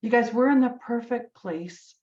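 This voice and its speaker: A woman's voice: fairly high pitch, normal speed, darkish tone, roomy sound, highs cut off. A woman in her sixties giving an urging motivational talk, repeating phrases for emphasis. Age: 60s. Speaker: business team leader. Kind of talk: motivational speech on a group call.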